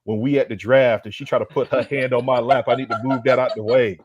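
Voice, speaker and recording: Over a crowd in the background and lo-fi sound, a man with a medium-pitched voice and fairly even intonation talks quickly. He's a sports podcast co-host in full roast mode, ranting profanely and with fire, using street slang and repeated lines.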